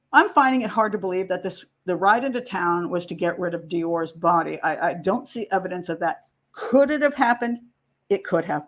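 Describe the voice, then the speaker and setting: A woman hosting a true crime show, analyzing a case in conversational commentary and acting out quotes to argue her points. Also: fairly high pitch. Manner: conversational, argumentative, acts out quotes. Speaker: true crime profiler host.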